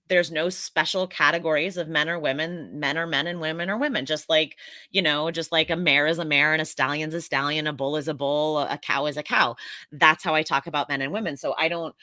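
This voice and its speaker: A woman from the United States chats casually on a live stream. Her voice sits low but sounds bright and forceful, and she is earnest and reflective. The sound is dry and close. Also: no room sound. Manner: earnest and reflective, often restarting her sentences.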